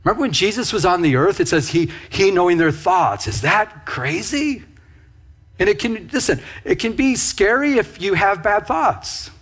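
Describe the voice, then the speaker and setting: A male pastor giving a conversational sermon. He is animated and speaks straight to his congregation, with frequent asides to them. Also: high-pitched, normal speed.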